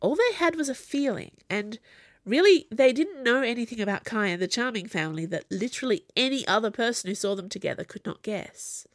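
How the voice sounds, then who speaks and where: A woman giving an even, measured scripted narration of a novel. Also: a little high, no echo, clean studio sound. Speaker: audiobook narrator.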